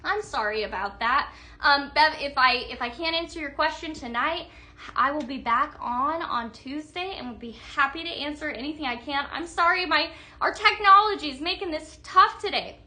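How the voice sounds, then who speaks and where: A woman's voice: high-pitched, normal speed, pushed and bright. A woman presenting home decor products on a live stream, gushing over each piece and chatting with her viewers.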